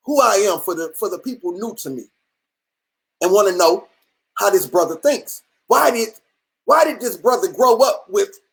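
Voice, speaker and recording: A man's voice: extremely high pitch, poor audio. A man hosting a livestream, ranting in a passionate, profane and emphatic way. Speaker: livestream host. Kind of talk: livestream rant.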